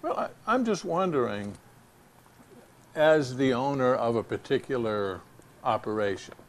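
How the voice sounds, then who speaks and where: A man's voice: medium pitch, animated, a little slow. A man hosting an interview, posing musing, open-ended questions. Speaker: interview host. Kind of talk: conversational interviewing.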